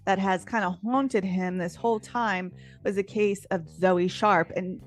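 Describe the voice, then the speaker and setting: A woman of middle pitch co-hosts a podcast, retelling a TV episode in casual chat. She tells it with animation and slips into the characters' lines as she goes. Faint music plays behind her. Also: steady tone, unhurried. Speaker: podcast co-host.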